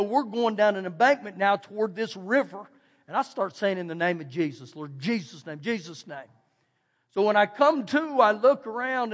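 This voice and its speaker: High-voiced Texan pastor in a reverberant church. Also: male voice. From Texas. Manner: folksy, animated, repeats phrases for emphasis. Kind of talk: storytelling sermon. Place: church sanctuary. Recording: long hall reverb.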